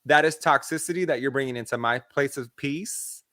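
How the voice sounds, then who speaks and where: A man co-hosting a podcast, chatting casually and telling animated stories with acted-out voices. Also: medium pitch, fairly quick, no echo, studio quality. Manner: animated storyteller acting out voices. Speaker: podcast co-host. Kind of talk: casual chat.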